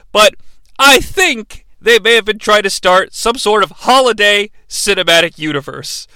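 A man in his forties hosting a comedic bad-movie review show, sarcastic, profane and excitable. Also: high-pitched, no room sound.

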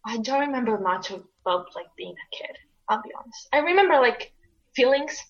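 Young woman from Italy, fairly high voice, rambling chatty delivery. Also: very animated, normal speed. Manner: rambling, many fillers and restarts, laughs often. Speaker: guest co-host. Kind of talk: casual conversation. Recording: lo-fi dull audio.

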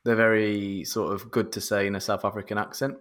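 A man's voice: on the low side, flat delivery, fairly quick, a bit bright. A man co-hosting a podcast in casual chat, wry and joking. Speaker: podcast co-host.

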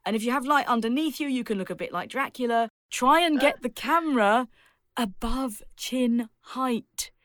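Woman, speaking coach, podcast guest, lively and emphatic, laughs a lot, dry close sound. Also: fairly high pitch, a little fast, few pauses, no echo. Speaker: public speaking coach and author.

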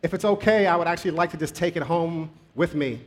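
Man doing shy hesitant woman, kinda pleading, little high. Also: quick pace, natural voice. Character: shy woman nearing forty, never celebrated.

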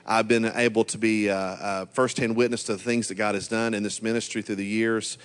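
A man's voice: fairly low pitch, little pitch movement, brisk, clean tone. A middle-aged man from Georgia preaching as a guest pastor, earnest and encouraging, with frequent "uh" fillers. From Georgia, USA. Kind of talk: sermon.

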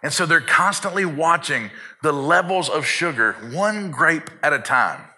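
Male pastor, earnest sermon delivery, slightly high and very bright, tense tone. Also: animated, a little slow. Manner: earnest, builds urgency, repeats words when fired up. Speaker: preacher.

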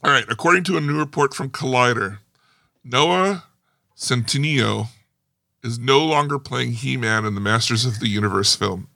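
A man co-hosting a podcast, delivering the news with dry, deadpan humor. His voice is gravelly with a bright, tense edge, and the recording is dry and close. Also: medium pitch, moderate pace, no echo. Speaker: podcast co-host reading news. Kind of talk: casual chat.

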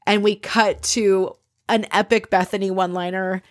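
A woman hosts a podcast and recaps reality TV drama. She talks in a chatty, gossipy way and plays out the quotes of the people in the show. Her voice sits in an ordinary middle pitch. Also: steady tone, normal speed, no echo, studio quality. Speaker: podcast host.

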